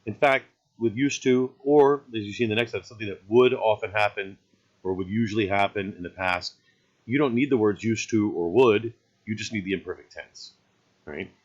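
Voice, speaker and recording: A man's voice: fairly low pitch, moderate pace, slightly rough, highs cut off. A man teaching a recorded grammar lesson in an easygoing, explanatory way, often checking in with "right?".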